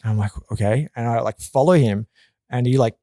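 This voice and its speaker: Animated storytelling man, dry close mic. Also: brisk, dry recording. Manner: animated, swearing, jumps into loud high put-on quotes. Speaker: podcast guest. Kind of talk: casual storytelling chat.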